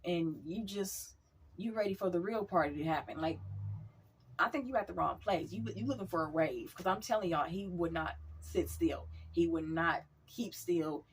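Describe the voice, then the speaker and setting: A woman casually telling a personal story as a vlogger, chatty and animated, acting out quotes. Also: fairly low pitch, normal speed, slight background noise.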